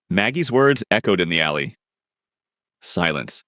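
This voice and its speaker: A man's voice: lowish voice, very animated, normal speed, fairly bright tone, no room sound, studio quality. A man narrating a dramatic crime romance story.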